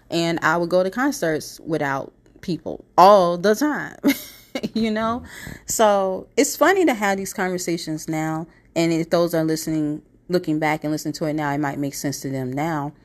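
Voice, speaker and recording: A young woman hosting a solo podcast, stuffy from a cold, rambling conversationally with lots of "you know" and "like". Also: low-pitched. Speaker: podcast host. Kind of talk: casual solo podcast talk.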